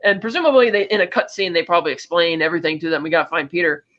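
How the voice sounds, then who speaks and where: Fast, bright-voiced man recapping a movie. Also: fairly high pitch, dull audio. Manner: rapid plot recap acting out characters' lines. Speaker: podcast co-host. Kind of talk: casual movie review chat.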